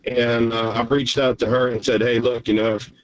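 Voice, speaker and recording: A man's voice: medium pitch, flat delivery, normal speed. Guy chatting laid back, muffled lo-fi line. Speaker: guest. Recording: dull lo-fi remote line.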